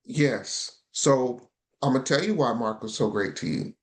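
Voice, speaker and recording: Animated man telling stories casually. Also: medium pitch, measured pace. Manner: animated storyteller, frank, repeats himself. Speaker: guest, consulting founder. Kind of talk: casual podcast conversation.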